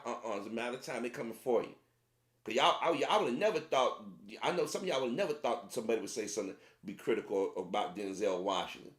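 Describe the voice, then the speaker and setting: A man giving casual commentary to his viewers, emphatic and repetitive, often restarting his sentences. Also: fairly high pitch. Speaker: commentary vlogger. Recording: roomy echo.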